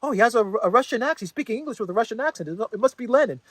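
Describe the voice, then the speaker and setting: A man putting on the voice of a gullible man who is easily fooled, in a mocking, fast, incredulous manner. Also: extremely high pitch, animated, no echo, distant mic, pitched above the performer's own voice.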